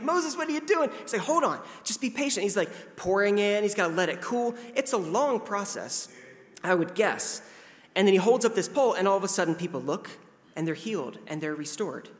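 A man in his thirties giving a casual, conversational sermon as a pastor, self-deprecating and now and then acting out voices. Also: high voice. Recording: long hall reverb.

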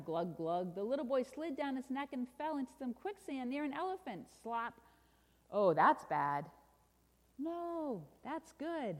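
A middle-aged woman with a fairly high voice preaches and reads a story aloud, voicing its sound effects with animated energy. Her voice rings with a long reverb in a church hall. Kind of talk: sermon with a read-aloud children's story.

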